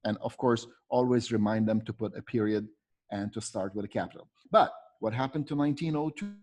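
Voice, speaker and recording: A man's voice: on the low side, fairly quick, darkish tone. A man walking teachers through a lesson, asking and answering his own questions step by step. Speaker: teacher trainer. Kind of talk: recorded teaching walkthrough.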